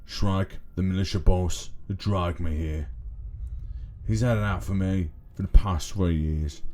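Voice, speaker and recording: A man's voice: low-pitched, a little slow, mellow, a little hiss or hum. A man voicing a shifty male thief under arrest, defensive and talking in a put-on accent he calls bad.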